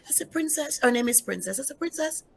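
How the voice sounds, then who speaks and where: Gravelly, husky woman pastor giving testimony. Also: fairly high pitch, racing. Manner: emphatic, repeats key phrases, speaks straight to the audience. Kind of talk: emotional personal testimony in an interview.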